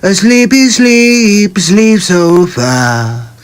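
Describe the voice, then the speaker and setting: Guy doing a bragging old president voice, slow and rambly, kinda high pitched. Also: lively intonation, a little mellow. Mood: pleased. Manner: rambling, repetitive, drawn-out words. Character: boastful older male president, rambling and self-praising. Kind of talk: celebrity impression on a livestream.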